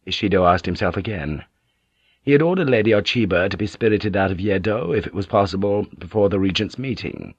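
A man narrating an unabridged audiobook with even, deliberate reading. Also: on the low side, breathy edge, no room sound. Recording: dull, dry audiobook tape.

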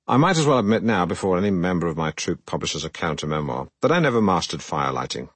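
An actor playing a pompous, self-regarding middle-aged broadcaster who narrates his own memoir in a deadpan way. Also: low-pitched, quick pace, husky, dry recording, full character voice. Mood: self-important. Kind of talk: comic audiobook narration.

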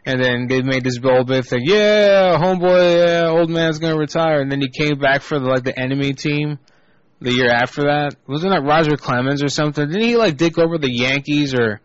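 A man's voice: medium pitch, brisk, no echo, highs cut off. Profane rambling male radio host. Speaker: prank call show host. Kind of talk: crude rambling radio chat.

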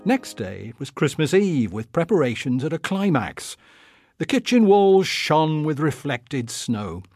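A man's voice: a little high, sing-song, unhurried, a little mellow, soft background music. A man giving an evocative literary reading of a childhood memoir. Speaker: reader.

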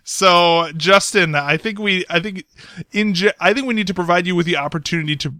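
A man's voice: high-pitched, brisk, bright, forceful tone, no echo, studio quality. A man hosting a podcast in upbeat casual chat, leading each segment. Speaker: podcast host. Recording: music faintly behind.

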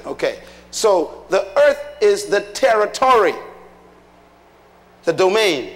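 A man preaching a sermon, emphatic, putting questions to the congregation. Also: high voice. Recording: long hall reverb.

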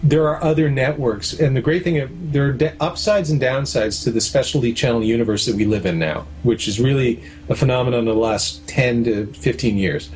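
A man's voice: medium pitch, brisk, few pauses, a little mellow, a little hiss or hum. A middle-aged man from Canada, a documentary producer and director speaking candidly in an interview, explaining his points with everyday comparisons and stories. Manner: candid, anecdotal, explains with analogies. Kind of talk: casual interview talk.

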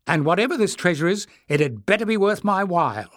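A man voicing a fierce, wary young woman warrior in an audiobook, with a sharp, commanding manner. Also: high-pitched, very animated, a little fast, no echo, clean studio sound, voice pushed up. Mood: threatening.

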